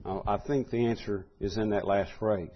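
A man's voice: on the low side, steady tone, normal speed, lo-fi sound. A man teaching a Bible lesson, thinking aloud with fillers and restarts, then building to emphatic repeated phrases.

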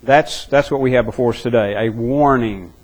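A man's voice: medium pitch, normal speed, low-quality recording. A man preaching an expository sermon, earnest and emphatic, often repeating words as he works toward his point.

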